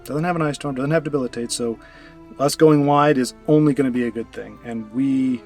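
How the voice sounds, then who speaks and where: A man's voice: medium pitch, brisk, darkish tone, soft background music. A man giving casual gameplay commentary, chatty and thinking aloud as he plays. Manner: chatty, thinks aloud, frequent restarts and fillers. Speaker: streamer and card game player.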